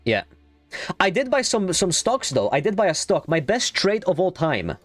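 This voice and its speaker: Animated young man chatting on stream. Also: sits high, normal speed, dry recording, soft background music. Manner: rambling, excitable, swears freely. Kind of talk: casual gaming stream chat.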